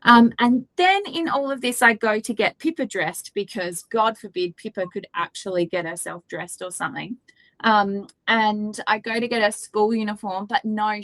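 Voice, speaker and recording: A woman in her thirties with an Australian accent co-hosts a live webinar in a casual, candid way, swearing now and then. Her pitch sits in the middle of the range. The recording is close and dry. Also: fairly bright tone, no echo. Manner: chatty, candid storytelling with mild swearing. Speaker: webinar co-host.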